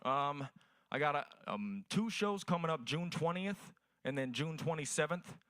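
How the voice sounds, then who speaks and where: Crude young stand-up comic, dry mic. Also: male voice, on the high side, expressive, moderate pace, fairly bright tone, dry recording. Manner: crude, storytelling, profane. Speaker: stand-up comedian. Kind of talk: stand-up set at open mic.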